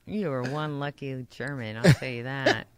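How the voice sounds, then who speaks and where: A woman hosting a casual group chat, teasing her guests and breaking into loud laughs. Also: extremely low pitch, steady tone, normal speed, noisy background. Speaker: host.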